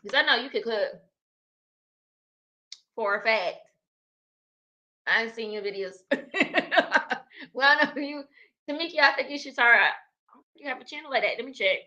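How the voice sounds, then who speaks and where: A chatty young woman hosts a casual livestream, reading out comments and laughing as she talks. Her voice is bright and sits a little high, and she speaks. She sounds close to a webcam mic. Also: a little slow, long pauses, dull audio. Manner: chatty, laughs often, talks to viewers as y'all. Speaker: livestream host reading chat.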